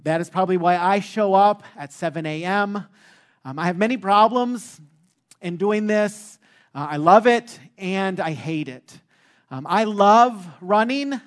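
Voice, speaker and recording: A man's voice: high voice, animated, slow pace, long pauses. A middle-aged man preaching a sermon, telling stories with humor and frequent fillers like "uh" and "um". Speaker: pastor.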